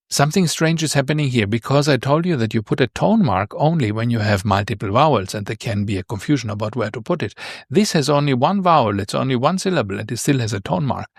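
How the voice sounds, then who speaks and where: A male language teacher giving a patient beginner lesson, explaining with examples, repeating each word slowly and often checking in with "right?". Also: mid-range voice, no room sound, clean studio sound.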